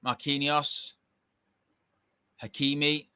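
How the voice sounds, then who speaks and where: Excitable young British man, bright voice. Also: on the high side, takes it slowly, clean tone, no room sound, studio quality. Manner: excitable, bursts into shouting at big moments. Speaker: watch-along host. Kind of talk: live football watch-along commentary.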